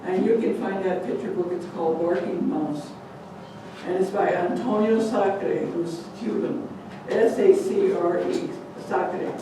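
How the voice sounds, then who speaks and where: An older woman telling a folk tale aloud to an audience, animated and chatty, slipping in Spanish words. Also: fairly low pitch, measured pace. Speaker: storyteller. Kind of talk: lively live storytelling. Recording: echoey hall, distant mic, noisy.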